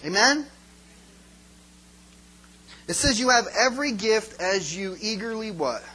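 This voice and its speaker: Bright, high-voiced energetic male preacher. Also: measured pace, low-quality recording. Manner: energetic, call-and-response with congregation. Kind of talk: sermon.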